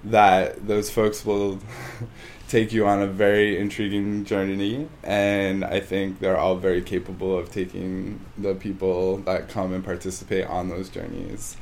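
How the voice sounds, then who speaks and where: Gravelly low-voiced male podcast co-host. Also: little pitch movement, a little slow, darkish tone, slight background noise. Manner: rambling, hesitant, many fillers. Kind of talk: casual chat.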